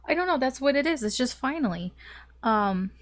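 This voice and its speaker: A woman's voice: high-pitched, expressive, normal speed. A young woman doing a casual tarot reading, chatty and rambling with lots of "like" and small laughs, a little choked up with a cough. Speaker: tarot reader.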